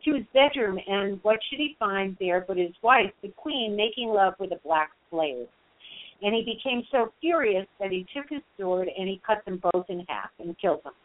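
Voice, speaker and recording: A woman's voice: medium pitch, dry recording. A woman retelling a fairy tale in casual spoken storytelling, with fillers, asides and quoted voices acted out. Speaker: Jungian storyteller. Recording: dry, tinny phone-like sound.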